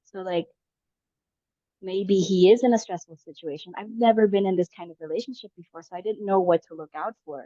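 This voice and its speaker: A woman's voice: mid-range voice, fairly quick, mellow, dry recording. A woman casually telling a personal story on a podcast, with many fillers and restarts. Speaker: podcast guest. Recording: dull lo-fi audio.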